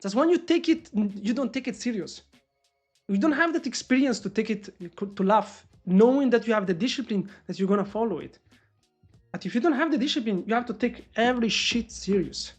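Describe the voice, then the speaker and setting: A woman day trader live-streaming her trades, talking excitably to viewers and swearing freely. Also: fairly high pitch, brisk, breathy edge, soft background music. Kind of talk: live-stream trading commentary.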